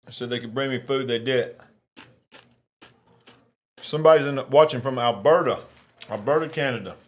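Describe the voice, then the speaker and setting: A man's voice: mid-range voice, normal speed. A man hosting a casual live election-night stream, chatting and eating while he reads viewer comments. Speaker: livestream host.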